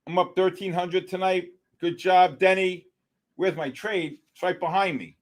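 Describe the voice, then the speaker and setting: A man hosting a live trading stream, giving excitable, exclamatory market commentary and calling out viewers by name. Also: sits high, a little slow.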